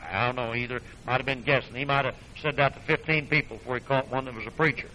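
A man preaching a sermon as a Baptist preacher, emphatic, swinging from loud declarations to low asides, with folksy, sarcastic storytelling. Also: steady tone, fast, slight background noise, low-quality recording.

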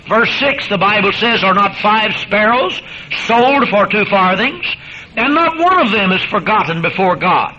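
A man preaching a sermon, speaking emphatically and addressing his listeners directly as beloved, over a muffled radio broadcast with hiss. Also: very high voice.

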